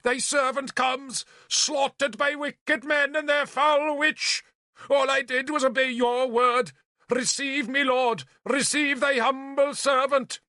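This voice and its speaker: A man's voice: medium pitch, lively intonation, moderate pace, fairly bright tone, no echo, studio quality. A man voicing a pompous, greedy male bishop who wails and shrieks melodramatically, in an audiobook. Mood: wailing. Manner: melodramatic wailing, shrieking pleas. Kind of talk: audiobook character voice.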